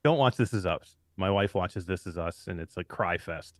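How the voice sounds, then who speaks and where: A man's voice: low voice, normal speed, dry recording, clean studio sound. A man co-hosting a podcast, joking and teasing in casual chat. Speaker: podcast co-host.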